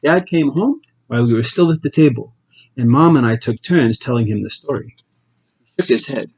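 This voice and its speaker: A man's voice: medium pitch, lively intonation, normal speed, darkish tone, husky, rough recording. Man narrating an audiobook steadily. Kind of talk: scripted narration.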